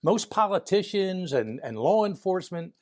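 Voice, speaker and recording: A man's voice: high-pitched, sing-song, normal speed, no room sound. Chatty Philadelphia man with a dry sound. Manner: chatty, acts out voices in anecdotes, chuckles while talking. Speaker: guest, retired FBI agent. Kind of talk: casual interview storytelling.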